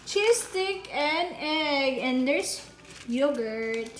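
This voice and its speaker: A woman's voice: high-pitched, lively intonation, very slow, reverberant, slight background noise. A woman, chatting playfully on a family vlog and coaxing her kids. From Philippines. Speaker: family vlogger. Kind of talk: casual family vlog chat.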